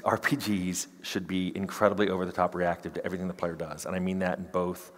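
A middle-aged man giving a conference talk on game design, animated and acting out quoted characters. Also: deep voice. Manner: animated, acts out quoted characters in quick voices. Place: conference hall. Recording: reverberant hall sound.

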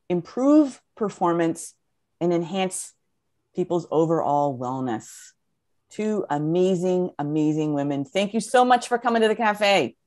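A woman's voice: lowish voice, a little mellow. A woman moderating a live webinar, upbeat and effusive, with frequent fillers as she introduces guests.

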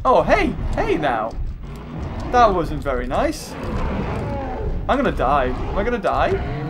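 An excitable man with a high voice that leaps all over the place, talking over a game as he plays. He rambles, laughs easily and yells at the screen, with clear game music behind him. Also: normal speed. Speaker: let's play host. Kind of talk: gameplay commentary.

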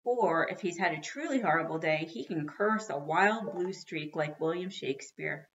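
A woman reading a children's book aloud with expressive storytelling. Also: deep voice, moderate pace, lo-fi sound, slight background noise. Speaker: reader.

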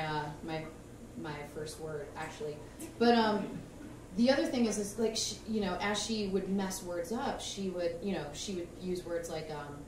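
A woman doing a stand-up set, telling animated, self-mocking stories about her mother on a comedy club stage. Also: on the low side, noisy background. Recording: echoey club from far off, crowd.

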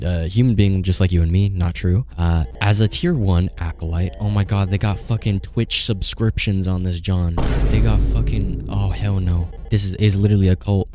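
Young guy playing a horror game, low gravelly voice, swears a lot, gets worked up. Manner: swearing, excitable, reads in-game notes aloud. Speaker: gaming YouTuber. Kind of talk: casual gameplay commentary.

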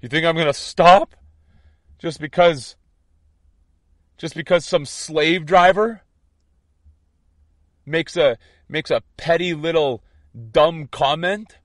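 A man's voice: a little high, slow pace, pauses often, a bit bright, no echo. A man giving an impassioned spiritual monologue, intense and defiant, repeating his points. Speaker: online preacher.

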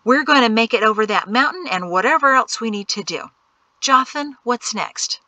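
A woman's voice: a little high, lively intonation, moderate pace, bright, forceful tone, dry recording, pitched above the performer's own voice. A woman reading an audiobook, voicing a stubborn, heavily pregnant woman who talks bluntly and wryly. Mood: defiant. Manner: blunt, wry, defiant.

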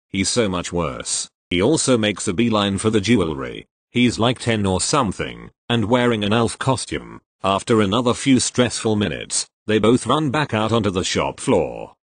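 A man reading online posts aloud as storytelling, in a wry, expressive manner. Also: on the low side, husky, no echo.

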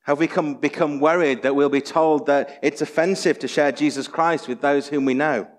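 A man's voice: fairly high pitch, fairly even intonation, moderate pace. A man preaching a sermon as pastor, earnest and exhorting, full of rhetorical questions. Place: church sanctuary. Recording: long church hall reverb.

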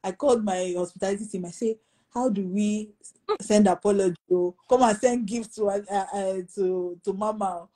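A middle-aged woman pastor, telling a testimony in conversation and acting out the dialogue with lively jumps in pitch. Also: moderate pace, rough recording. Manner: animated, acts out quoted dialogue with pitch jumps. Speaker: pastor and guest.

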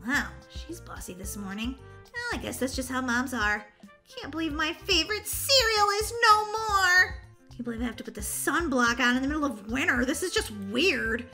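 A woman's voice: high voice, expressive, pushed and bright, faint music behind. Molly, a woman doing a whiny fibbing girl. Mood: grumbling. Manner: defensive, whiny, quick denials. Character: fibbing young girl, cheeky. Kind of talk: animated roleplay voice acting.

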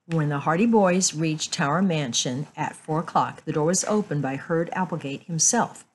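Low-voiced woman reading a story aloud. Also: normal speed, a little hiss or hum, rough recording.

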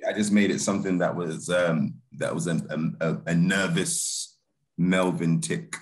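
A man's voice: deep voice, steady tone, moderate pace. A man, a film director talking casually as an interview guest, laid-back and laughing easily, with many restarts and fillers. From Britain.

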